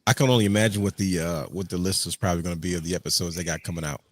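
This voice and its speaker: A man's voice: low voice, fairly even intonation, racing, no echo. A man hosting a casual wrestling podcast, opening the show with sing-song hype introductions. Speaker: podcast host.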